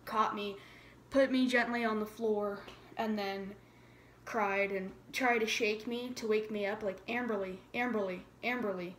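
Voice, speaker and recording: A teenage girl in high school chatting casually to camera, retelling a story with lots of "like" and acted-out quotes. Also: a little hiss or hum. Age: teens. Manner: chatty, says "like" a lot, dramatic retelling. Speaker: vlogger.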